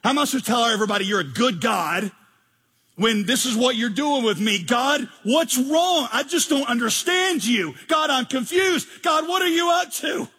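A man's voice: high voice, animated, brisk, breathy edge, heavily acted. A pastor voicing a whiny, self-centered male churchgoer who demands things from God in prayer. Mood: exasperated. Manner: demanding, indignant, shouty. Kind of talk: mocking impression within a sermon.

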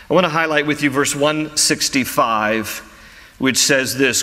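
A man's voice: mid-range voice, measured pace, pushed and bright, in a large hall. A male pastor preaching a teaching sermon, explaining scripture with frequent restarts and repeated words.

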